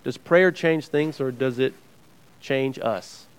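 A man's voice: mid-range voice, slow pace, clear, resonant tone. A man from Georgia preaching a conversational sermon as a Bible teacher, restarting phrases and checking in with his listeners.

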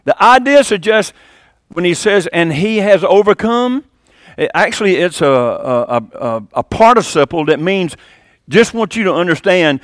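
An older man preaching a sermon as pastor, swinging between loud emphatic lines and quiet, low asides. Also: no room sound, clean studio sound.

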